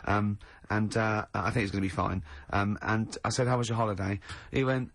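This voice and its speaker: A man's voice: lowish voice, fairly even intonation, fairly quick, fairly bright tone, no room sound. A man co-hosting a comedy radio show, telling stories, doing other people's voices and laughing often. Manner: giggly, storytelling, mimics friend. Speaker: radio co-host.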